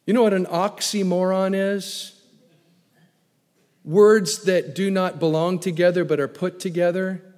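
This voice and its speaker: A man preaching a sermon as pastor, swinging from booming emphasis to low asides. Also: fairly even intonation, measured pace. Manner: preaching with wide swings in loudness, booming then dropping low. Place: church sanctuary. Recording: long reverb of a large hall.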